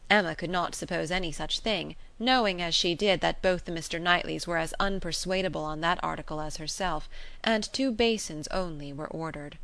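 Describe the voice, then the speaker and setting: A woman's voice: fairly low pitch, fairly bright tone. Woman narrating a classic novel. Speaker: audiobook narrator. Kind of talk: scripted narration.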